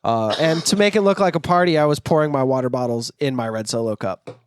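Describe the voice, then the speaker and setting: A man's voice: mid-range voice, quick pace, clear, resonant tone. A man co-hosting a band podcast in casual chat, laid-back and swearing casually, getting over a cough. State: recovering from a cough. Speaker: podcast co-host, band guitarist.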